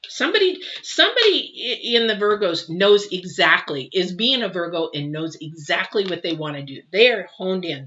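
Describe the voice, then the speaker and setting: Bright-voiced woman reading tarot, emotional. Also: on the low side, very animated, normal speed, few pauses. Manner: emotional, exclamatory, swings between bursts and soft murmurs. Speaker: tarot reader. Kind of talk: live intuitive tarot reading. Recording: slightly dull, faint noise.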